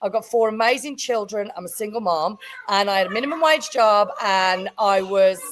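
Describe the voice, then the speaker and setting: A woman from Canada, the guest in a casual chat, talking in an excitable, rambling way with many fillers. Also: mid-range voice, moderate pace. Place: livestream.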